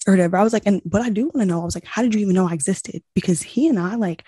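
Husky-voiced young woman telling a story. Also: mid-range voice, rapid-fire, no echo. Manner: animated storytelling, acts out quoted exchanges, heavy use of "like". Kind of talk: casual chat.

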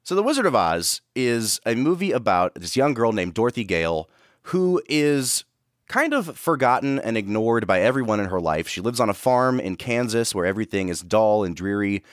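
A man's voice: fairly low pitch, sing-song, moderate pace, no room sound. Earnest man reviewing films, dry sound. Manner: earnest, reflective, with restarts. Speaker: podcast co-host. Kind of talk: casual film review chat.

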